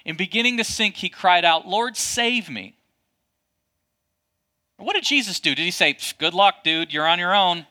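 A man preaching a sermon as a pastor, addressing his congregation with lively rhetorical questions. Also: high-pitched, moderate pace, long pauses.

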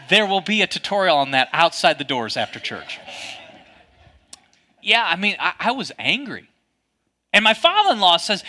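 A man preaching a sermon, telling a personal story with a loud, booming voice. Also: big pitch swings, unhurried, pauses often. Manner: storytelling, dramatic, self-mocking. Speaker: pastor.

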